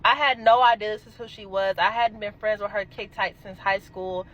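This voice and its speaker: A young adult woman telling a casual storytime, animated and emphatic, swearing freely. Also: mid-range voice, normal speed, highs cut off.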